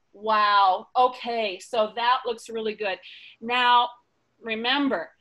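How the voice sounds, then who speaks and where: Slow, encouraging woman teaching kids. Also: fairly high pitch, pushed and bright. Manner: encouraging, slow and sing-song, praises often. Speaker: educator. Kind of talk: kids' drawing lesson.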